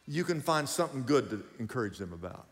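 A man's voice: medium pitch, fast, big-room sound. A man preaching a sermon as pastor, talking straight to his congregation, asking them questions and telling them to write points down. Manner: animated preaching with call-outs to the congregation.

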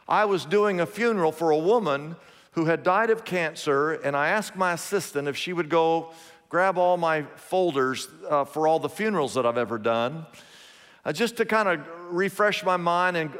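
A middle-aged man, a pastor, telling a story in a sermon, his voice rising high at the exciting moments. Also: clear, resonant tone. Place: church sanctuary. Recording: long hall reverb.

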